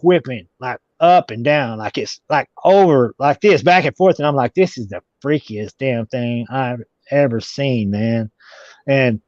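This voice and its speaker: A man telling a long story as an interview guest, halting and repeating himself as he goes. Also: a little high, darkish tone, no echo. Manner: halting, repeats words and restarts. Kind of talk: casual storytelling. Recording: dull, dry audio.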